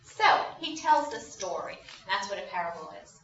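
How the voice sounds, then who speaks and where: A woman's voice: medium pitch, normal speed, hardly any pauses, noisy background. A woman telling a Bible story to a group of children, asking them questions as she goes. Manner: animated, asks the children questions. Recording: roomy, distant, dull sound.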